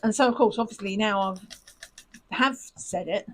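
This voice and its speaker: A woman's voice: mid-range voice, normal speed, a bit bright, low-quality recording. A woman hosting a crafting channel, chatting in a rambling, self-mocking way while she sorts her supplies. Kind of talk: casual chat while sorting craft supplies.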